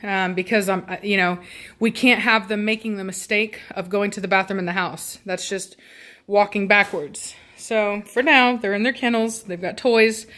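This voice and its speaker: A woman's voice: medium pitch, steady tone, moderate pace, bright, forceful tone. Chatty woman dog breeder at home. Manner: chatty, rambling with many fillers, firm when scolding dogs. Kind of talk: casual home video update. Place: at home indoors with dogs.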